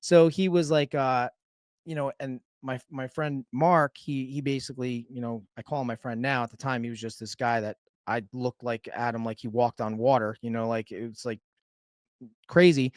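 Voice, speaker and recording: A man speaking at a middling pitch, telling a personal recovery story with a frank, easygoing looseness. He rambles on with the occasional curse, and his voice sits close and dry with no room sound around it. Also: fairly even intonation, moderate pace, no room sound. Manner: rambling, candid and casual, with occasional swearing. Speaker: sobriety coach and guest storyteller.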